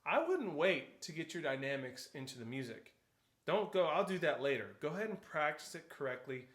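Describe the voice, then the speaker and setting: A man's voice: on the high side, big pitch swings, moderate pace, fairly bright tone. A man teaching a percussion lesson, explaining step by step, counting aloud and calling out notes and stickings. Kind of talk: instructional tutorial. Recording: echoey room with faint noise.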